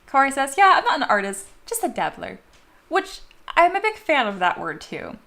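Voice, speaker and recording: A woman's voice: high voice, sing-song, moderate pace, creaky, bright, forceful tone. A young woman chatting casually on her sculpting livestream, reading viewer comments aloud and laughing often. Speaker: 3D sculpting streamer.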